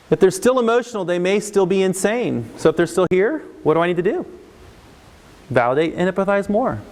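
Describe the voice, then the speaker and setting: Animated male counselor giving tips. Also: fairly high pitch. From United States. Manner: animated, acts out kid and adult voices. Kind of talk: instructional talk with acted examples.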